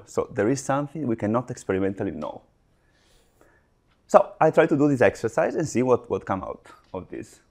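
A man giving a live lecture, explaining step by step with frequent restarts and pauses. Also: fairly low pitch, a little mellow. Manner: halting, restarts mid-phrase, explains step by step.

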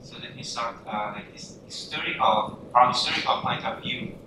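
A man asking a question in a physics seminar, with searching, halting phrasing. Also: medium pitch. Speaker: student. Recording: distant mic, roomy echo, clear noise.

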